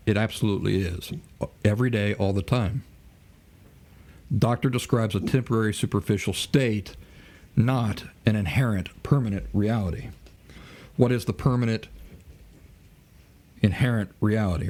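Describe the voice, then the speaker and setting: A man's voice: on the low side, normal speed, pauses often, a little mellow. A man hosting a podcast, lecturing in a monologue full of rhetorical questions and acted-out mock exchanges. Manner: asks rhetorical questions and acts out mock dialogue. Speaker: podcast host.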